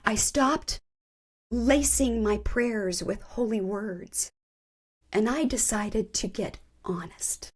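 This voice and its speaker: Woman podcast host, a little high-pitched, gives a candid and earnest personal faith testimony. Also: slow pace, slightly rough. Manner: candid, earnest storyteller who laughs at herself.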